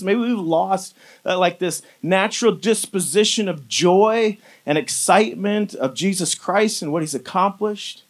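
A pastor preaching a casual, conversational sermon, animated and sprinkled with fillers. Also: male voice, on the high side.

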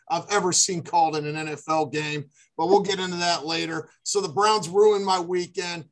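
A man co-hosts a casual podcast and sounds like a heated sports fan. His voice sits high for a man, and he rants freely. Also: fairly even intonation, normal speed, few pauses. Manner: fired-up sports fan rant. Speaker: podcast co-host.

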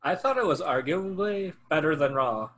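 A man in a casual chat, relaxed, making short remarks. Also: a little high, moderate pace.

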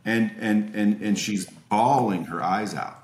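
An emphatic man in his forties tells a story as a podcast guest, joining by remote call from his home. His voice sits low and has a roomy echo around it. He swears freely and keeps restarting his sentences. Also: measured pace. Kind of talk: casual storytelling. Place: at home with children nearby.

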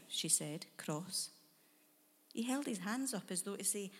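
A woman narrating a dark short story in a measured, hushed storytelling manner. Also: on the low side, lively intonation, long reverb tail.

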